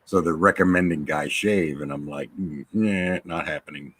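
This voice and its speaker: Husky-voiced man chatting casually. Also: very deep voice, moderate pace, fairly bright tone, no echo. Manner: joking, easygoing banter. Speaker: host. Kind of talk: casual chat.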